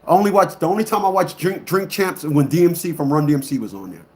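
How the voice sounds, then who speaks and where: Fast and very animated, a man working as an online commentator hammers home his points to a live audience with blunt emphasis. He repeats things frequently, alternating between loud eruptions and quiet muttering.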